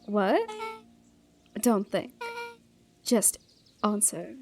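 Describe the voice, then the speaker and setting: A woman voicing a pushy teenage girl with a Valley Girl accent who fires off quick questions. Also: medium pitch, faint music behind.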